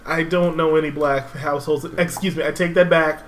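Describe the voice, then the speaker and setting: A man's voice: on the high side, fairly even intonation, brisk, slight background noise. A man co-hosting a podcast in casual chat, joking and scolding the others. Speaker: podcast co-host.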